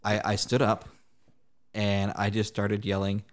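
Casual co-host, thirties, lowish voice, animated storyteller. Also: male voice, unhurried, smooth. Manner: animated storyteller, acts out quotes loudly. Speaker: podcast co-host. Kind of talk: casual chat.

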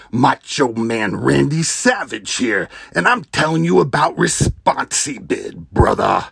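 A man doing a growling over-the-top wrestler pitchman. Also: creaky, slightly rough, no echo, clean studio sound, heavily acted. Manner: growling catchphrases, drawn-out shouted delivery. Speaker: podcast host.

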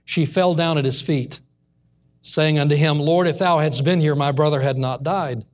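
Guy preaching in church, earnest, reads the bible slow, voice a bit on the high side. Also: steady tone. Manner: earnest, slows and softens on key lines. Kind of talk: sermon.

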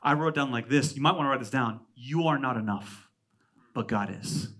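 A California pastor in his thirties preaches a sermon with a husky, medium-pitched voice. He swings between loud, emphatic lines and hushed asides, tossing in quick, conversational humor.

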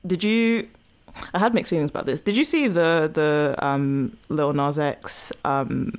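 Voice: mid-range voice, unhurried, clean tone. A speaker with a London accent, co-hosting a podcast in casual chat, rambling with lots of fillers. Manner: rambling, many fillers, animated storytelling. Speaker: podcast co-host.

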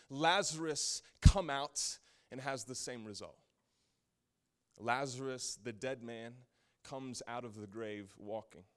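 A man preaching a sermon, telling a Bible story in a casual, animated way and often saying "like". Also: medium pitch.

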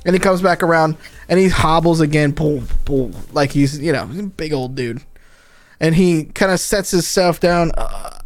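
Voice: mid-range voice, moderate pace. A game master narrating a tabletop game, loose and rambling with lots of fillers.

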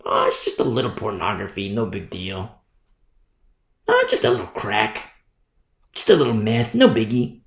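A man's voice: on the low side, very animated, normal speed, long pauses, voice pushed down. A man voicing a careless adult man who shrugs off sin in an offhand, dismissive way. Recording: echoey room.

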